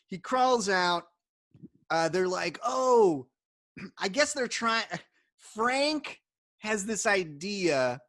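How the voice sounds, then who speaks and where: A man's voice: sits high, animated, extremely slow, pauses often, fairly bright tone, no room sound. A man co-hosting a casual podcast, recapping an episode, laughing often and swearing casually. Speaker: podcast co-host. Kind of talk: casual chat.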